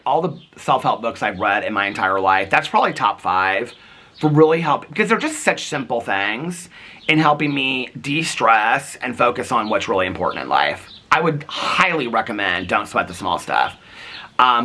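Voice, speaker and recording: A man's voice: mid-range voice, pushed and bright. A man vlogging in casual chat, telling stories with acted-out quotes and frequent laughs. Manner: chatty storyteller, acts out quotes, laughs often.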